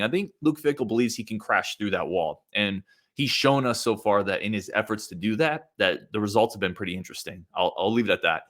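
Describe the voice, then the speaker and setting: A man with a somewhat low voice hosts a solo sports podcast, giving his opinions in a casual, chatty way. He talks through his points with frequent restarts and fillers, and stops now and then to answer listener comments. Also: fairly bright tone. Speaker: podcast host.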